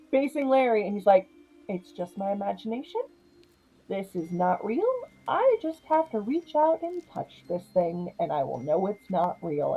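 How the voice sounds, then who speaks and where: A young woman casually recapping a horror comedy, chatty and animated, laughing often. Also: on the high side, poor audio. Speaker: film reviewer.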